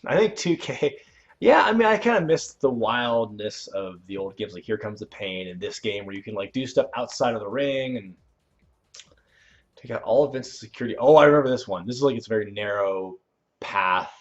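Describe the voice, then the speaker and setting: A young man with a lowish voice and lively intonation hosts a game livestream at normal speed, rambling casually and answering viewer questions. He sounds laid-back and chuckles as he goes. The dull lo-fi stream mic gives the audio a muffled quality.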